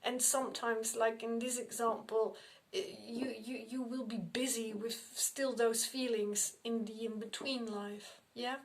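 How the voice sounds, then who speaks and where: Slow-talking woman medium. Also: fairly high pitch, fairly even intonation. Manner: unhurried, repetitive, restarting phrases. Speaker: spiritual medium. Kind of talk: personal storytelling to camera.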